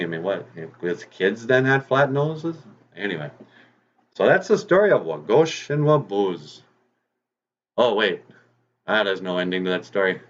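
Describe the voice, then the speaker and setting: A man's voice: lowish voice, muffled recording. A man telling a folk tale in a casual, chatty way as host of his own channel, with rambling restarts and asides.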